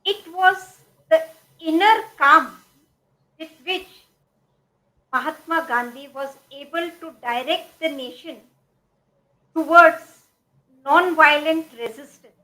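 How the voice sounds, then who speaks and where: A middle-aged Indian woman speaks as an interview guest in a high, clear register. Her tone is bright and crisp. She lays out motivational ideas in a measured, explaining way, leaning on examples and quotes. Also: rough recording. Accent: Indian English. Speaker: guest speaker, life coach.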